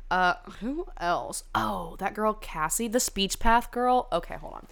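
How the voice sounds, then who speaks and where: A woman's voice: medium pitch, animated, measured pace, gravelly, a bit bright. A young woman hosting a casual chat, gossiping about reality TV contestants in a chatty, profane way full of "like" and side tangents. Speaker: podcast host reviewing a reality dating show.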